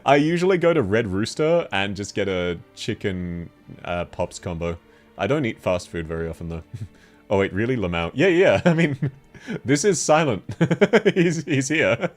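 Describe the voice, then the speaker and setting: A man's voice: fairly low pitch, animated, moderate pace, soft background music. A man with an Australian accent, chatting casually on a game stream, laughing often as he answers chat.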